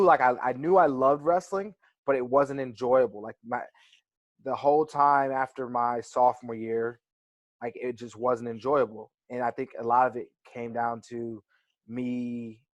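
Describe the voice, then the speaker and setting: Guesting on a casual interview, a young wrestler reflects and tells stories, leaning heavily on fillers such as "like" and "right." His voice is mid-range, and the recording has no room sound.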